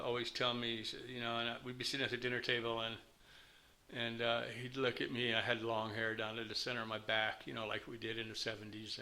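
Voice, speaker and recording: A man's voice: medium pitch, pushed and bright. A man in his fifties from the United States, telling his personal recovery story to a meeting in a candid, rambling way.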